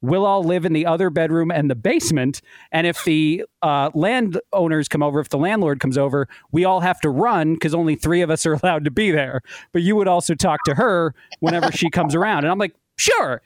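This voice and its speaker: Higher-voiced man telling a story. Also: brisk, few pauses, no echo, studio quality. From United States. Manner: chatty, laughs through his own tale. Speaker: guest. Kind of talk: casual storytelling.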